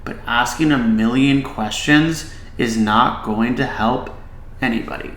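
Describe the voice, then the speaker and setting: A man who is a child behavior specialist gives casual reaction commentary and advice, using lots of filler "likes." His mid-range voice is a bit bright and measured in pace. The recording is rough and roomy.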